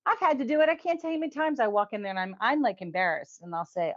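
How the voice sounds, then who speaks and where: A woman hosting a casual weekly review show. She talks in a chatty way, laughs often and drops in quick asides. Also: a little high, animated, highs cut off. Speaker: host.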